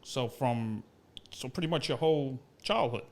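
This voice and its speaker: A male talk show host interviewing a guest, curious and quick to follow up with questions. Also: medium pitch.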